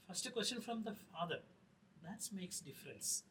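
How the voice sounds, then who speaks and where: A middle-aged man, a film director talking in an interview, halting with many fillers and restarts. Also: high voice, sing-song, a bit bright. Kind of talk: casual interview talk. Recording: distant mic with faint noise.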